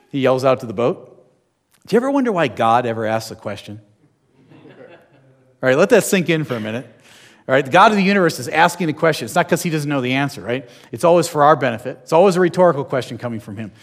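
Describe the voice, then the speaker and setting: A middle-aged man preaching a sermon, telling a story and putting rhetorical questions to his listeners. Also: on the high side.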